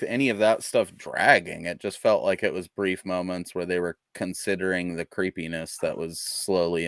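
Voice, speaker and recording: A man with a deep voice co-hosts a podcast, chatting in a laid-back, rambling way and swearing freely. The recording has no echo.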